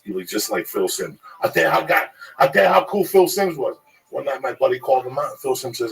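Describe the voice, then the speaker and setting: A man's voice: medium pitch, lively intonation, fast, a bit bright, faint music behind. A man telling rambling, profane street stories in a casual group conversation. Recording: distant mic with clear background noise.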